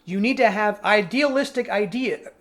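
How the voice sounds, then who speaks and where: A man's voice: sits high, normal speed, a bit bright. A man co-hosting a podcast, ranting bluntly and profanely in casual opinion chat. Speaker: podcast co-host.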